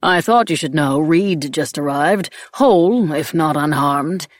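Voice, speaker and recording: A woman narrator voicing a playful, gently teasing young man in a storybook reading. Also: low voice, unhurried, dry recording, studio quality. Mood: gentle. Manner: light, wry, gently teasing delivery.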